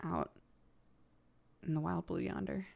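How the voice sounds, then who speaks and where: Lively low-voiced woman streamer. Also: a little slow, creaky, lo-fi sound. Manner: chatty, laughs often, lots of fillers. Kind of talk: casual livestream chat.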